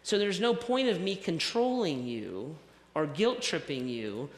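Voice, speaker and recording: A man's voice: fairly high pitch, very animated, a little slow. A male pastor preaching a conversational sermon, repeating words as he goes. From American South. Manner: conversational, self-deprecating preaching with repetitions. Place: church sanctuary. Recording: echoey hall with long reverb.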